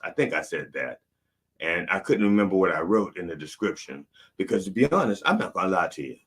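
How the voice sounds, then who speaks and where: A man's voice: fairly low pitch, slightly rough. A man hosting a comedic sermon-style show, talking in a sardonic, rambling, digressive way. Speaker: host and preacher.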